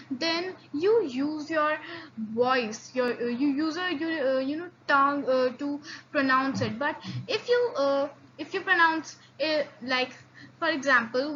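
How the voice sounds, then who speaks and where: A woman teaching an online lesson in a high, bright voice. She talks slowly and haltingly, repeats herself, and drills sounds one at a time. The recording sounds a little dull, with faint hiss behind her. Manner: halting, many fillers and repeats; slow drilled repetitions of sounds. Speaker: language teacher. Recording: slightly dull lo-fi audio with faint noise.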